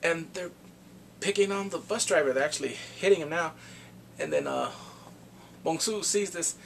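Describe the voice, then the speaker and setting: A man casually recapping a drama, animated and laughing often as he acts out the scenes. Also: a little high, moderate pace, gravelly, slight background noise. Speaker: drama reviewer.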